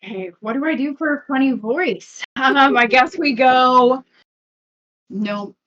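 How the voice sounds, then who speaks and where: A woman's voice: high-pitched, unhurried, a bit bright. A woman player teasing and chatting animatedly during a card game night on a lo-fi voice call. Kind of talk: casual game-night chat.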